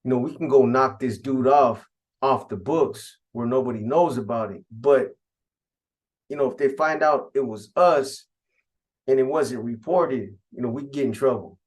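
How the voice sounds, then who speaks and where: A man's voice: medium pitch, measured pace. A man casually recounting a prison gang story in profane street slang.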